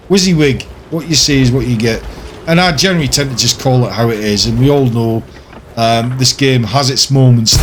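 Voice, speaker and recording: A man's voice: medium pitch, slight background noise. A man giving casual, ranting commentary over his gameplay, chatty and often laughing. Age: older. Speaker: gaming YouTuber.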